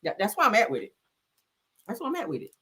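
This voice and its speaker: A woman's voice: medium pitch, quick pace, a little hiss or hum. A woman hosting a live stream, chatting casually and sassily with viewers, full of slang and laughter. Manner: sassy, animated, slangy, laughs often. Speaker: live-stream gossip host. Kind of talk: casual chat reacting to viewer comments.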